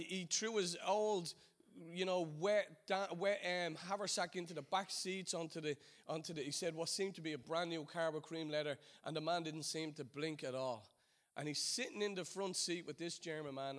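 A man with a lilt preaches and prays to his church, his fairly high voice dropping low and soft in prayer and climbing loud in excited asides. He tells his story loosely, with plenty of ums and restarts. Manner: storytelling with fillers and restarts, swings between hushed and loud. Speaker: church leader. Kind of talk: sermon and prayer.

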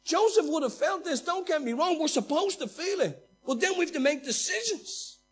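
A man, a pastor, preaching a sermon in an animated way, acting out quoted lines and swinging between loud and hushed delivery. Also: extremely high pitch, moderate pace.

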